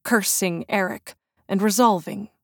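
A woman narrating an audiobook in a measured storytelling voice. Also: mid-range voice, no echo, studio quality. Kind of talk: scripted narration.

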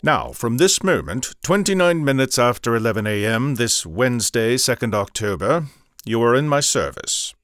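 A man voicing a calm, exact English gentleman in a storybook reading, clipped and measured. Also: medium pitch, no echo, clean studio sound. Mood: cool.

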